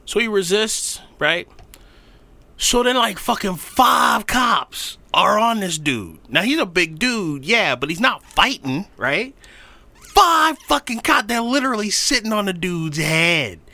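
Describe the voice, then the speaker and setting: A man chatting casually on a podcast. His pitch swings all over the place, and his tone is sharp and bright. He swears freely and acts out the dialogue in his stories. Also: measured pace, no room sound. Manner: animated storytelling, swearing, laughing, acting out quotes. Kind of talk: casual profane chat.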